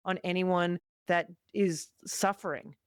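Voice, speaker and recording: Casting: woman, middle-aged, podcast host, frank and quick to laugh, dry sound. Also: fairly low pitch, fairly even intonation, clean tone, dry recording. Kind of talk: casual chat.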